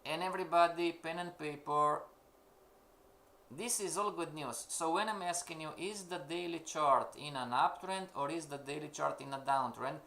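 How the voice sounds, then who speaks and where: A man leads a live-streamed lesson, hammering home his points with repeated questions. His voice sits fairly high, with a gravelly edge and a bright, forceful tone. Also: moderate pace. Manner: emphatic, questioning, repeats himself. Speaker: forex trading instructor. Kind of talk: live-streamed trading lecture.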